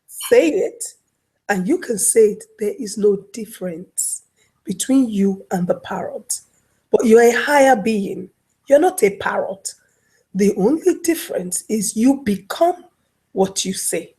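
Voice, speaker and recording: A woman's voice: medium pitch, animated, unhurried, mellow, breathy edge. A woman life coach speaking as a guest, telling everyday stories and acting out little scenes. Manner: storytelling, acts out little scenes. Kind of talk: casual interview talk. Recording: online talk show audio.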